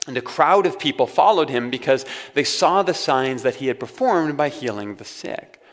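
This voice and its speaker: A man's voice: medium pitch, expressive, normal speed, fairly bright tone. A man preaching a sermon as pastor, talking to his congregation in a conversational way with wry humorous asides. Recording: long hall reverb.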